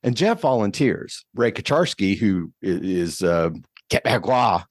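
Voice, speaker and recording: A man's voice: lowish voice, sing-song, unhurried, dry recording, studio quality. A man hosting a casual interview who laughs easily and tells loose, easygoing anecdotes. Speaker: podcast host.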